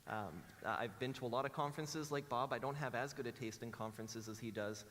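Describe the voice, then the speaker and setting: A man's voice: mid-range voice, brisk, big-room sound. A Canadian man giving a conference talk, self-deprecating and joking as he speaks to the audience. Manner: self-deprecating, joking, animated quoted voices. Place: large lecture hall.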